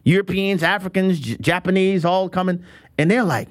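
An American man hosting a talk show monologue, emphatic and animated, acting out quotes as he goes. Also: sits high, normal speed. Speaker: show host.

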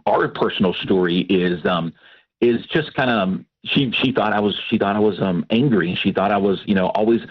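A man from Texas, a pastor and counselor, telling his personal story in an earnest, animated way as a radio guest. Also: fairly low pitch, moderate pace, husky, dull audio. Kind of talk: personal testimony.

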